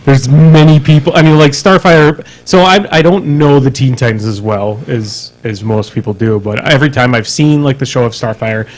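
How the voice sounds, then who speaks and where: Animated man on a podcast. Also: medium pitch, normal speed, hardly any pauses, poor audio. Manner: animated, laughs often, stumbles and restarts. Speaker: podcast co-host. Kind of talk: casual chat. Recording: live-streamed podcast.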